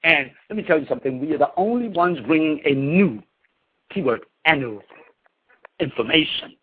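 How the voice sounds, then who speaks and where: A man's voice: fairly high pitch, expressive, moderate pace, vocal fry, pauses often, breathy edge. A man preaching to his followers in an emphatic, scolding manner, slangy and salted with cursing. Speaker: spiritual leader. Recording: tinny phone-like sound.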